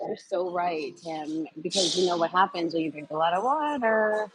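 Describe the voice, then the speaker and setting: Speaking at normal speed with hardly any pauses, a woman with a lowish voice hosts a casual livestream. She rambles from one subject to the next, answers comments from viewers, and trails off with lots of fillers. Background noise can be heard.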